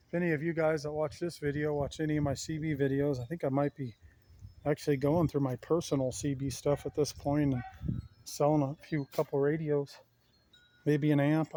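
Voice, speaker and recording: A man walks through his backyard talking to viewers, keeping the chat loose, folksy and meandering like a typical yard vlogger. He has a fairly high, warm voice, with slight noise in the background.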